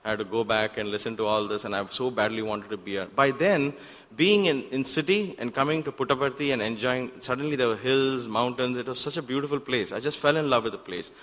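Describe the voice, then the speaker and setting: A man, telling a personal story in a talk at a devotional center and acting out the exchanges in sudden loud bursts. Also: mid-range voice, fast. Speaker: guest speaker at a spiritual center. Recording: long hall reverb.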